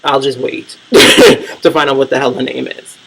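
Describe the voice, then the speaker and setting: A man's voice: mid-range voice, level tone, measured pace, vocal fry, very noisy. A man vlogging casual reality-TV commentary, blunt, profane and gossipy.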